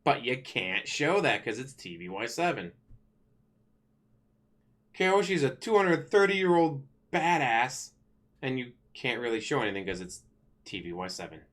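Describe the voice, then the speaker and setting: A man in a middle pitch rants casually to his viewers. He rambles, stops to correct himself mid-sentence, and swears freely. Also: very animated, measured pace, pauses often, fairly bright tone. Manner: rambling, self-correcting, blunt with profanity. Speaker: channel host. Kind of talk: casual rant to camera.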